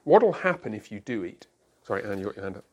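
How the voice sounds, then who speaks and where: A man leads a Bible study group, putting questions to the group and explaining each point step by step with everyday examples. His voice is lowish, with big pitch swings and a quick pace.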